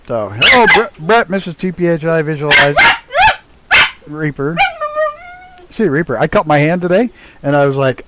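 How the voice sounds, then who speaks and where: A man's voice: a little high, expressive, normal speed, pauses often, very noisy. A man streaming a flight sim at home, chatting loosely with viewers and swearing freely while working the controls. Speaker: live streamer. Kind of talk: casual live-stream chat while flying a flight sim. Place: at home with his dog nearby.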